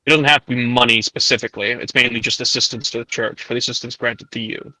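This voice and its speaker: A man's voice: mid-range voice, steady tone, fast, pushed and bright, no room sound, poor audio. A man doing a stern pious church warrior. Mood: earnest.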